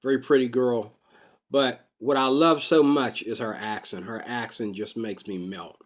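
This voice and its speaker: Slow, rambling man vlogging. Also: mid-range voice, fairly even intonation. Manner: slow, unscripted, many drawn-out ums. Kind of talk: rambling personal vlog monologue. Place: Pittsburgh.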